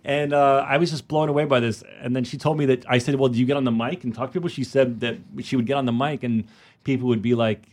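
A man's voice: mid-range voice, fairly even intonation, quick pace, darkish tone. A man who is a guest on a podcast, chatting casually and telling stories. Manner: chatty, storytelling with quoted voices. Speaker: guest, actor and filmmaker. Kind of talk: casual chat.

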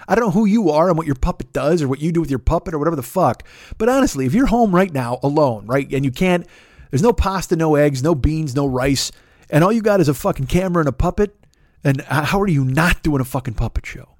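A high-pitched man rants on his podcast, swearing freely and mocking people with put-on voices. His voice is recorded close and dry, with no room sound around it. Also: no echo. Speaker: podcast host. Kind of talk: profane comedic rant.

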